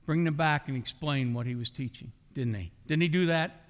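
Speaking at a normal pace with a voice on the high side, a middle-aged man delivers a sermon as pastor. He poses rhetorical questions to his congregation, and the church sanctuary lends the recording a long hall reverb.

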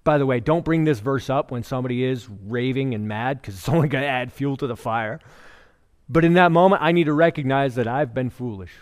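A middle-aged man preaching a sermon in a relaxed, conversational way, telling jokes and stories to make his points. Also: medium pitch, fairly quick. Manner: conversational preaching with joke storytelling. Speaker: pastor. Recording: long hall reverb.

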